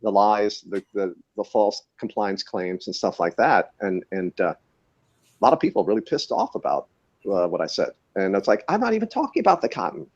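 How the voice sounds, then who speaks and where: A man's voice: low voice, lively intonation, moderate pace, lo-fi sound. A man who tests batteries, talking in a casual podcast chat in a wry, rambling, self-correcting way. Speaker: battery tester and guest.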